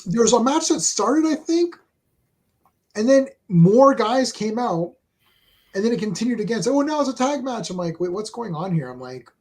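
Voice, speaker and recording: A man with a notably high voice co-hosts a relaxed chat, wandering from point to point with dry sarcasm and plenty of restarts. He is from Canada and talks like he is hanging out with a friend. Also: moderate pace, breathy edge. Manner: rambling, sarcastic, repeats himself. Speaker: co-host. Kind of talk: casual chat.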